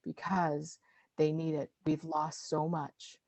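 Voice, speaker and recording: Low gravelly-voiced woman, halting talk. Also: little pitch movement, darkish tone, no echo. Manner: halting, many fillers and restarts. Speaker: guest speaker, master gardener. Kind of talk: casual conversational talk.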